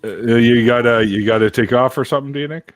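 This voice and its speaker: A man's voice: medium pitch, quick pace, no echo. A man hosting a casual video call chat, blunt and profane, often laughing. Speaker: host.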